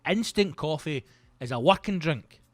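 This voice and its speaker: A Scottish comedian in his thirties hosting a podcast, rambling through a casual comic monologue that is full of swearing and breaks into loud outbursts. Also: on the high side, moderate pace, no room sound. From Scotland. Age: 30s. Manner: sweary, rambling, animated bursts into loud exclamations.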